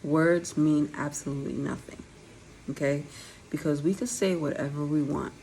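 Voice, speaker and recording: A woman's voice: deep voice, steady tone, moderate pace, warm tone, a little hiss or hum, rough recording. A young woman with a slight lisp, telling her own story candidly to viewers in a casual vlog. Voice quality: slight lisp from dental aligners. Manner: candid, conversational, direct to viewers. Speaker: vlogger.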